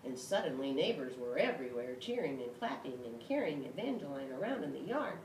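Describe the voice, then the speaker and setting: A woman reads a storybook aloud with a low voice that swings widely in pitch. She is expressive and breaks into sudden shouts and yelps. The sound is echoey and distant, over a clear rumble. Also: brisk. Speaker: storybook reader. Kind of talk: reading a picture book aloud.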